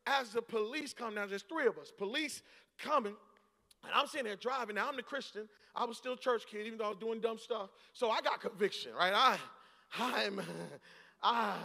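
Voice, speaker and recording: A pastor in his forties preaching a sermon, telling a story and rising into shouts and laughter. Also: high voice, a little fast. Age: 40s. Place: large church hall. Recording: long hall reverb.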